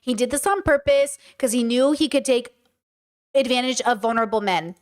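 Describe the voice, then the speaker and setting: A woman's voice: a little high, normal speed. A woman hosting a podcast, reacting to clips with emphatic casual commentary and repeating words for effect.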